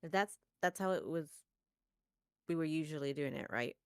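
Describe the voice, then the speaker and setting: A woman's voice: deep voice, normal speed, clean tone, no room sound, clean studio sound. A woman playing in a tabletop game, rambling and talking about her character in the third person. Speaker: player. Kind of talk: casual tabletop role-play.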